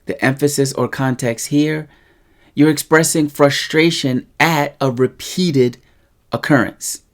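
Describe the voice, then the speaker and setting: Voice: medium pitch, a little slow. Explanatory language teacher in casual monologue. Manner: explanatory, checks in with the listener. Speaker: Spanish teacher.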